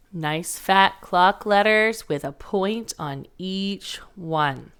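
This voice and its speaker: A woman's voice: mid-range voice, drawn-out words, few pauses, fairly bright tone, clean tone. A woman teaching a first grade phonics lesson, patiently sounding out letters and words for young children.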